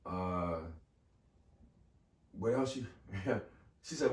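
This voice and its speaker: A man's voice: low-pitched, slow, long pauses. A man in his fifties, a podcast guest, telling a personal story in casual conversation and acting out the voices of people in it. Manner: animated, acts out quoted voices. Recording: echoey room, mic far off.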